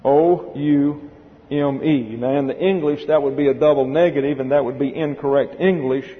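A man's voice: a little high, fairly even intonation, moderate pace. Man lecturing methodically in a reverberant hall. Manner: methodical, spells words out letter by letter. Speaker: Bible teacher. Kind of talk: classroom lecture on Greek grammar. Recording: dull lo-fi recording with long hall reverb.

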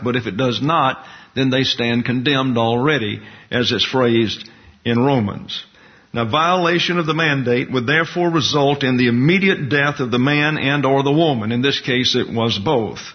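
A man gives a Bible lesson in a methodical, explanatory way, walking through words letter by letter. His voice sits at an ordinary middle pitch. The recording is dull and lo-fi. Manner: methodical, spells out Hebrew letters. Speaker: Bible teacher. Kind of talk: Bible class lecture at a board.

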